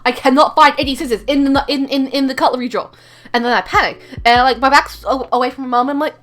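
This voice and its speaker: A woman's voice: sits high, fairly even intonation, fast, a bit bright, faint music behind. A young woman casually telling a rambling story, heavy on fillers and self-mocking.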